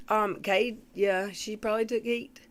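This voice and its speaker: A woman hosting a casual livestream, rambling through commentary and greeting viewers from the chat, with frequent throat clearing. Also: medium pitch, fairly even intonation, takes it slowly. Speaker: livestream host.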